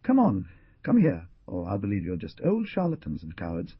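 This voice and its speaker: A man voicing a brash, mocking male frontier outlaw who shouts taunts. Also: fairly low pitch, wildly swooping pitch, normal speed, slightly rough, dry recording, exaggerated voice. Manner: taunting, loud. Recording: dull dry lo-fi.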